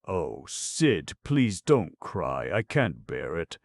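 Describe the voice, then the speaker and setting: A man playing a gentle, sorrowful society woman in an audiobook, speaking softly and tenderly. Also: low voice, big pitch swings, takes it slowly, vocal fry, husky, dry recording, clean studio sound, exaggerated voice. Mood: sad. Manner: soft and tender.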